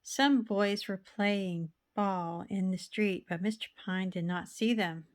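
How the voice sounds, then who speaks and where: Slow-reading woman storyteller. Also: mid-range voice. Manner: slow, rhythmic, with playful sound words. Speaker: storybook reader. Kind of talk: reading a children's picture book aloud.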